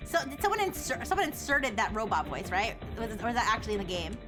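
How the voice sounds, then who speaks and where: High-voiced woman chatting on a livestream. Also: sing-song, quick pace, over music. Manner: rambling, laughs often, lots of "like". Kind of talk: casual livestream chat.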